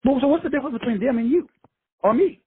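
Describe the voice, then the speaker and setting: Very husky high-voiced man, tinny phone sound. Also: fast, no echo. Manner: blunt, profane, streetwise preaching. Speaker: motivational speaker, show host. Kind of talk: casual motivational monologue. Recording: dry, tinny phone-like recording.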